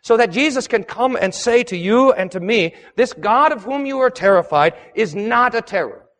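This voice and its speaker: A male pastor preaching a sermon in a church, earnest and emphatic, swinging between strong declarations and soft, quiet lines. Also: very high voice, expressive, normal speed, in a large hall. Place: church sanctuary.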